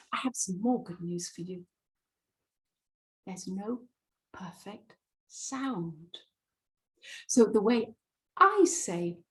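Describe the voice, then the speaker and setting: A British woman giving a webinar as a presentation skills coach, speaking deliberately with emphatic pauses and stressed words. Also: mid-range voice, rough recording. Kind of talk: webinar talk.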